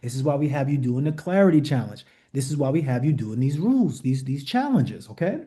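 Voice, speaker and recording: A man's voice: mid-range voice, sing-song, fairly quick, mellow. A man coaching a group on an online call, blunt and emphatic, repeating rhetorical questions and giving direct commands. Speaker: coach leading a leadership call. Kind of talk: motivational teaching to a group.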